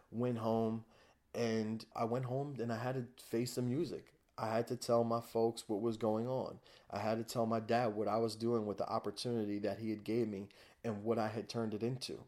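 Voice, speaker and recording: A man's voice: mid-range voice, a little mellow. A man, a podcast guest, telling his personal story in a candid, raw way, often swearing.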